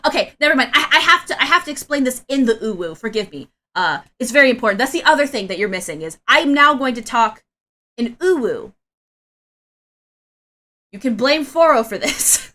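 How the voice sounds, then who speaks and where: An excitable woman streamer chatting casually to her viewers. She rambles through restarts and breaks into laughter and shrieks. Her voice is high, bright and a little tense. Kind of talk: casual live-stream chat.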